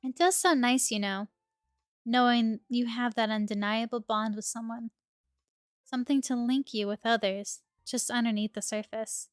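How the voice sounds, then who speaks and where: A woman voicing a gentle, evasive young man who is a love interest in a story game, with soft, hesitant speech. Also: on the high side, steady tone, moderate pace, clear, resonant tone, no echo, clean studio sound, soft background music, lightly acted. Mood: wistful.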